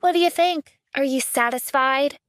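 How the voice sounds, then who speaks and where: A woman's voice: high-pitched, normal speed, a bit bright, no echo, studio quality, voice pushed up. A woman voicing a spoiled, arrogant celebrity influencer in an audio drama, speaking with haughty scorn. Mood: scornful. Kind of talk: audiobook character voice.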